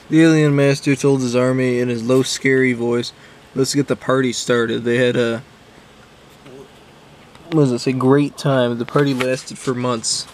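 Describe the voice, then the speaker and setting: Young man, casual vlog chat, dry offhand manner, mid pitch, faint noise behind. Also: fairly even intonation, measured pace, long pauses, a little mellow. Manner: offhand, wry, frequent ums. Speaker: YouTuber. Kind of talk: casual chat reading a childhood book aloud.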